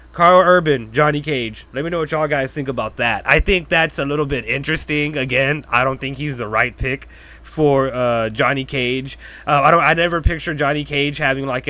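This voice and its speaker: A man hosting his own podcast, talking casually and rambling in a loose, profane, excitable way. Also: a little high. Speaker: podcast host. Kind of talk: casual solo commentary.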